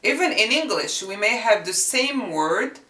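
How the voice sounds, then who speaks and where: A woman teaching the sounds of a script in a language lesson, slowly repeating each sound to demonstrate it. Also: fairly high pitch, expressive, sharp tone. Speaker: Arabic teacher. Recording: echoey room, mic at a distance.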